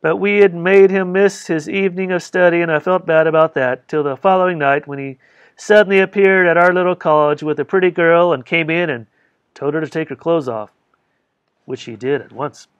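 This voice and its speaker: A man reading a novel aloud as an audiobook, in a measured storytelling manner. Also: on the high side, clear, resonant tone, no echo, muffled recording. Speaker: audiobook reader. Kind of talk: audiobook narration.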